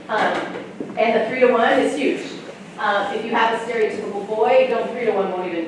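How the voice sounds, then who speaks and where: A woman, a sex educator, giving a chatty, animated talk to parents and often laughing. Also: medium pitch, slight background noise. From United States. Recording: echoey room, mic far off, faint ambience.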